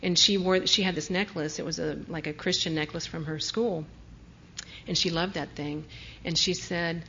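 A woman telling her own recovery story in an earnest, confessional way, often dropping soft as she recalls tender moments. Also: lowish voice, steady tone, moderate pace, muffled recording, a little hiss or hum. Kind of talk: personal testimony.

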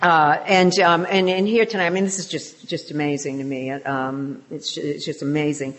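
A woman's voice: low voice, steady tone, moderate pace. An older woman from England sharing her personal testimony at a recovery meeting, joking about herself between many fillers.

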